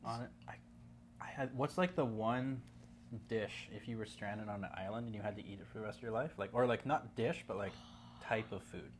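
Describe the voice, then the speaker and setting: A man's voice: fairly low pitch, a little fast, a little hiss or hum. A man with a West Coast Canadian accent, a guest talking in laid-back casual chat, rambling with lots of fillers.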